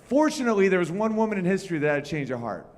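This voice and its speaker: A man's voice: sits high, sing-song, very fast, darkish tone. A man performing a brash, profane stand-up comedy set at a live venue.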